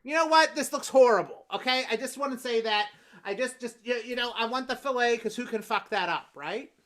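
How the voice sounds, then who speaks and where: A fussy, demanding woman on a Valentine's date, played by an improviser. She stammers, then turns bossy and sharp, in a bright, high voice. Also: brisk, close to an everyday voice. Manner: stammering, bossy, flares into shouting. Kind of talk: improvised comedy scene.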